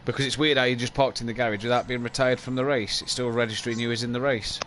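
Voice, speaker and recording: A man's voice: mid-range voice, steady tone, fast, fairly bright tone, a little hiss or hum. A young man hosting a live sim-racing stream, chatting and explaining at length while sleepy from hours on air. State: sleepy, late in an endurance stream. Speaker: stream host. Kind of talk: casual live-stream chat about a sim race.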